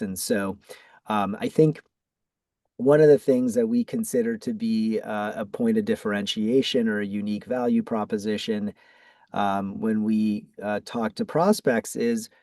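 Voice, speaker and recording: A middle-aged man from Massachusetts with a Boston accent, answering interview questions in a measured way with frequent ums and restarts. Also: medium pitch, warm tone, no room sound. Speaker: guest, ad agency founder.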